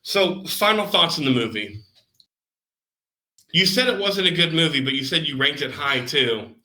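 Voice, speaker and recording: A man's voice: fairly high pitch, animated, moderate pace, bright, forceful tone, roomy sound, low-quality recording. A man co-hosting a movie podcast, talking casually and swearing now and then. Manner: casual, profane, enthusiastic. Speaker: podcast co-host. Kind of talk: casual chat.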